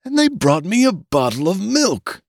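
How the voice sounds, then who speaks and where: A man's voice: high voice, sing-song, measured pace, creaky, no echo, voice pushed up, exaggerated voice. A man puts on a cranky old man's voice, thin and quavering, raised well above his normal register. He whines and complains fussily in a storybook reading, all of it recorded dry and close. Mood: complaining. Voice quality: whining, quavering. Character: querulous old man who is a newborn, male.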